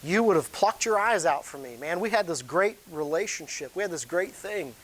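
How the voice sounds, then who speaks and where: A man preaching a sermon in a church, talking loosely and warmly to the congregation, with sudden loud rises in his voice. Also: fairly high pitch, lively intonation, moderate pace, slight background noise, rough recording. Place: church sanctuary.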